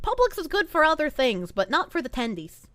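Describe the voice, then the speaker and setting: A woman's voice: sits high, brisk, no room sound. A young woman from Boston, live-streaming in casual chat and ranting with lots of swearing. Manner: animated, profane ranting.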